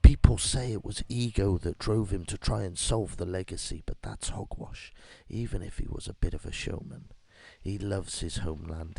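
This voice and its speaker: A man voicing a furtive, hunched woman asylum patient in a hushed, conspiratorial whisper, as whispered role-play. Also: deep voice, creaky, slightly rough, full character voice.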